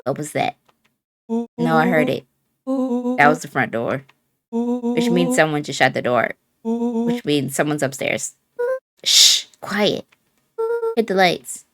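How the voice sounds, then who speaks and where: A woman's voice: mid-range voice, sing-song, slow pace, pauses often, noisy background. A woman streamer reading game character dialogue aloud in a playful way, changing her voice for each character. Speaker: let's play streamer.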